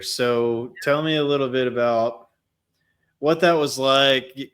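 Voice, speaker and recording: Slow-speaking male podcast host. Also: mid-range voice, fairly bright tone. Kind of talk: casual interview.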